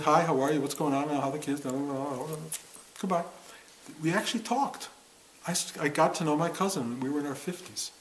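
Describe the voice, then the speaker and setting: A man's voice: mid-range voice, slight background noise, poor audio. Reflective man teaching a meditation class. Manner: reflective, unhurried, with pauses and self-corrections. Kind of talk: spiritual talk to a class.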